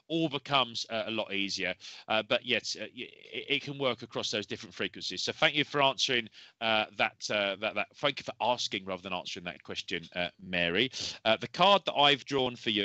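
A man's voice: medium pitch, sharp tone, dry recording, muffled recording. A man hosting a live show of psychic readings, talking in a rambling, reassuring way with many fillers, tired after a long day. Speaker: medium and show host.

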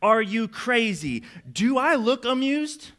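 Exasperated scolding man, as a preacher puts him on, high voice, slow incredulous rhetorical questions. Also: sing-song, a bit bright, exaggerated voice. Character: exasperated adult man scolding foolish listeners.

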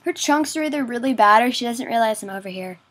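Excitable high-voiced woman narrating gameplay. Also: fast talker. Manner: excitable, exclaiming, self-mocking. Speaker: gaming video creator. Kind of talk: casual gameplay commentary.

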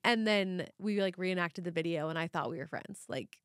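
A young woman hosting a podcast chats casually, telling stories with animation and acting out quotes. Her voice is on the low side at normal speed, with clean studio quality and no echo.

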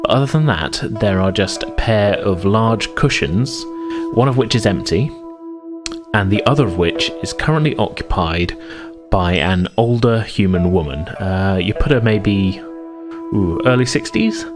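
Low-voiced male game master, relaxed narration, lots of fillers, music underneath. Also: unhurried. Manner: casual, many uh fillers, easygoing. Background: background music.

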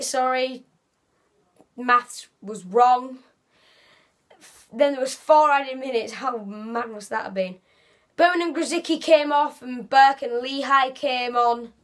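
A woman's voice: high-pitched, pushed and bright. A woman giving a casual, rambling football match reaction as a fan vlogger, often correcting herself.

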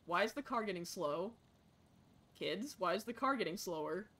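This young woman's voice sits fairly low and runs at normal speed as she streams a game, playing a frazzled parent. Her chatter is chaotic and excitable, veering from muttering into sudden shrieks.

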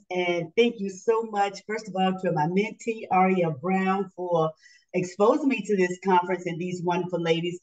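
A woman's voice: mid-range voice, darkish tone, recorded from a distance, dull audio. A woman in her sixties from Georgia introducing herself on a panel with chatty, self-aware asides. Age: 60s. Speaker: panelist, author and transformation coach.

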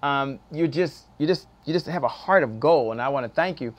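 A man hosting a talk show, energetic and emphatic, often repeating his words. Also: mid-range voice, a little fast. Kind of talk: upbeat interview hosting.

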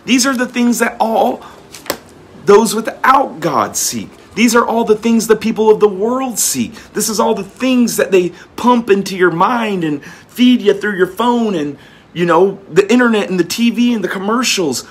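A man's voice: sits high, expressive, normal speed, slightly rough. A man preaching casually, reading old-fashioned scripture and then explaining it in plain, folksy talk, often repeating words as he goes. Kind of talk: informal scripture teaching.

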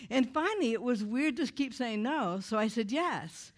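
Animated woman telling a funny testimony. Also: fairly high pitch, moderate pace. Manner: animated, humorous, acts out quoted voices. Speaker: speaker giving a personal testimony. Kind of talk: storytelling testimony to an audience. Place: church event before an audience.

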